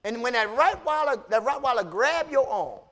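A man preaching a sermon as pastor, animated, swinging from loud cries down to low, quiet lines. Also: normal speed. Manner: animated preaching, rising to shouts and dropping low.

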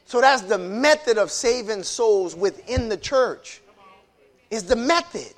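A man preaching in a casual, emphatic way, repeating himself and building up to shouts. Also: high voice, expressive, measured pace. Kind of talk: preaching-style casual talk.

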